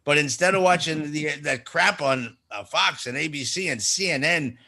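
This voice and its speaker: Bright-voiced joking Jersey host. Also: male voice, a little high, moderate pace. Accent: New Jersey. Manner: joking, rambling, self-interrupting. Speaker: radio show host. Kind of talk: casual radio chat.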